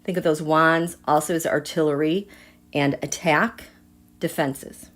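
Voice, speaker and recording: A woman hosting a live tarot reading who talks straight to her viewers and swings between hushed asides and excited outbursts. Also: low voice, a little slow. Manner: chatty, addresses viewers directly. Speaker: tarot reader and livestream host.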